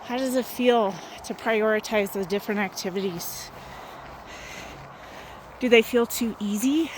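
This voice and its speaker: A woman hosting a wellness challenge, giving gentle, encouraging motivational talk outdoors, a little out of breath from walking. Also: medium pitch, unhurried, background noise. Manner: gentle, encouraging, guiding with questions. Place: outdoors in the sun.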